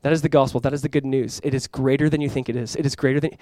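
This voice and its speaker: A man's voice: mid-range voice, fairly even intonation, very fast, a little mellow, no echo. A man preaching a sermon as pastor, conversational and emphatic, talking to the congregation and inviting them to respond. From California.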